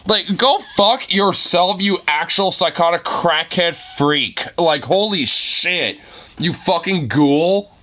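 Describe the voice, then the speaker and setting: A man's voice: sits high, animated, takes it slowly, pushed and bright. A young man streaming, ranting in casual chat, swearing a lot and laughing often.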